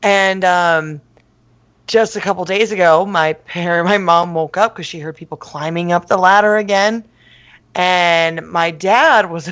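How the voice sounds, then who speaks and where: A woman co-hosting a casual podcast chat, telling a story in a lively way and acting out the people in it. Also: on the low side. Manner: animated storyteller, laughs and shouts quotes. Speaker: podcast co-host.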